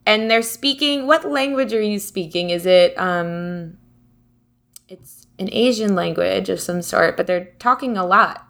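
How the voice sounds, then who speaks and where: A woman with a bright, sharp voice co-hosts a casual podcast. She is inquisitive, cutting in with question after question and quick reactions. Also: mid-range voice. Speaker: podcast co-host. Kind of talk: casual chat.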